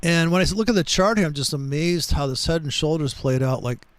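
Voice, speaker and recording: A man's voice: fairly high pitch, fairly quick, no echo, low-quality recording. A man hosting a casual trading chat, rambling through stories and swearing freely as he talks over charts. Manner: rambling, profane, storytelling. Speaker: trading show host.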